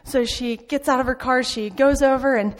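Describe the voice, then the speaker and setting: A woman's voice: sits high, steady tone, normal speed. A woman giving an informal sermon in a church, telling stories in a chatty way with frequent ums. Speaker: church speaker back from a mission trip. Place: church sanctuary. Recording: long hall reverb.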